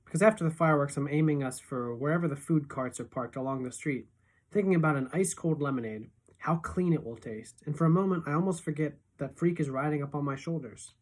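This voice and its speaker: A teacher reading a novel aloud in steady, expressive first-person narration. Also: female voice, sits low, fast talker.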